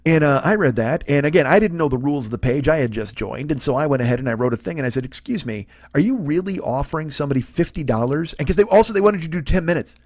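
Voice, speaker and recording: Fast-talking swearing comedian. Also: male voice, on the high side, expressive, no room sound, clean studio sound. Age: 40s. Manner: ranting, heavy swearing. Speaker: comedian podcast host. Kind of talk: profane comedic monologue.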